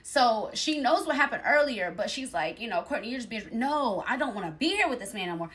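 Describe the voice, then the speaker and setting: Young woman, slightly high voice, animated storyteller who plays every character herself. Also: fairly quick. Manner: animated, acts out the other voices in her story. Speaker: storyteller in a clip. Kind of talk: casual storytime.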